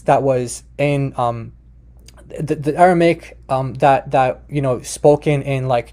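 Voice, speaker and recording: Speaking at a medium pitch with a mellow sound, a man explains Aramaic to his viewers in a relaxed, conversational lesson. Fillers and restarted sentences crop up constantly, he calls his audience "you guys," and he slowly repeats words for their benefit.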